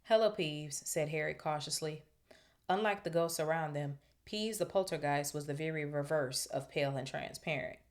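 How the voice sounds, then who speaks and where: A woman with a low voice reads a novel aloud for her podcast. She breaks off into chatty, slangy commentary, then goes back to the page. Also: moderate pace. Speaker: podcast host reading aloud. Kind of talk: book reading with casual commentary.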